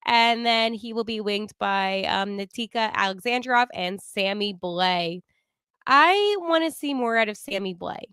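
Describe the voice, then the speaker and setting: A woman's voice: a little high, fairly bright tone, clean tone, dry recording. A woman hosting a live hockey podcast in a casual, chatty way, with frequent fillers and small laughs. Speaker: podcast host.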